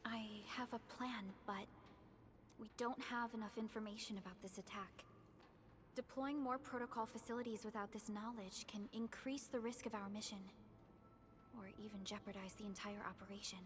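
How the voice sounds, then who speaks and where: An actress playing a calm, composed young female companion in a video game, speaking in a measured way. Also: mid-range voice, noisy background, natural voice. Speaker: game character.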